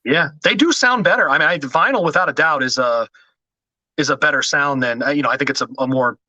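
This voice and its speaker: A man talking as a podcast guest in casual chat, hesitant with many restarts and quick to laugh. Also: fairly high pitch, sharp tone, no echo, dull audio.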